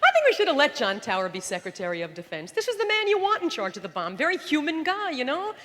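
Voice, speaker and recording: Woman comic on stage, high lively voice, echoey hall w/ crowd laughing. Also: fast. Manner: sharp, punchy delivery with mocking put-on voices. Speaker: stand-up comedian. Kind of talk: live stand-up comedy. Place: theater stage before a live audience. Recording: roomy live show recording with crowd.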